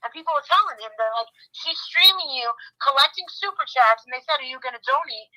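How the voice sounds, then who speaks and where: A woman's voice: high-pitched, animated, fast, sharp tone, rough recording. A woman YouTuber chatting casually, retelling events in a rambling, blunt way with lots of restarts and some swearing. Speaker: true-crime YouTuber. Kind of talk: casual chat.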